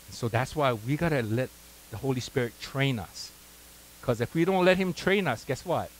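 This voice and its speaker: A man's voice: medium pitch, animated, normal speed, a little hiss or hum, rough recording. A pastor preaching a sermon, conversational and full of "right?" asides, prompting his congregation to call out words.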